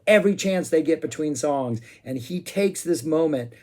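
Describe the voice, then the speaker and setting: A man giving a casual spoken music review, excitable and rambling, with frequent "um"s and asides. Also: on the high side, moderate pace.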